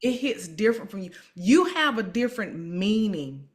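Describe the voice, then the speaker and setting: Lady hosting an interview, encouraging, kinda repeats herself, normal middle pitch. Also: big pitch swings, normal speed. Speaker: host. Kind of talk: emotional live-stream interview.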